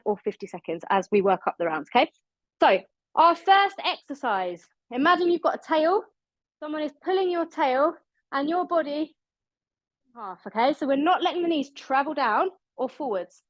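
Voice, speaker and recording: Upbeat high-voiced British fitness instructor. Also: female voice, no room sound. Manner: upbeat, encouraging, counts down reps. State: slightly out of breath. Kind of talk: live online exercise class coaching.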